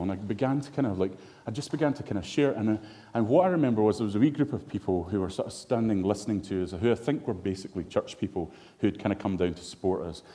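A man's voice: lowish voice, dark tone. A middle-aged man preaching a sermon, telling a personal story with emotion and rising to passionate emphasis. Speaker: pastor.

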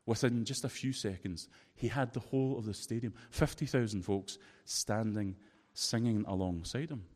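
A Scottish-accented man delivers a sermon built around a personal anecdote. His voice sits somewhat low and he tells the story expressively. The sound carries the long reverb of a big hall. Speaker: preacher.

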